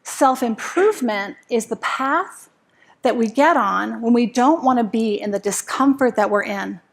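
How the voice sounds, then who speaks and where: A woman speaking at a conference with a slightly higher voice, telling a personal story and asking the crowd questions. She acts out her own anxious inner voice as she goes. She sounds middle-aged. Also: unhurried, vocal fry. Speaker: speaker giving a talk. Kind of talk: conference talk to a live audience.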